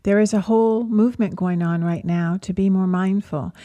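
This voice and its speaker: A woman hosting a call-in radio advice show, calmly coaching a caller with gentle, repetitive phrasing. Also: mid-range voice, moderate pace. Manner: calm, coaching, speaks in gentle repeated phrases. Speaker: radio talk show host and therapist.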